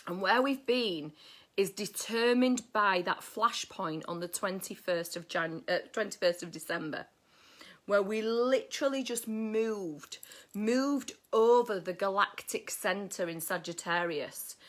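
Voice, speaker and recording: A woman hosts a casual astrology livestream, greeting viewers by name and reading their comments aloud. She's playful and swears, breaks into snatches of songs, and speaks a little slowly in a mid-range voice.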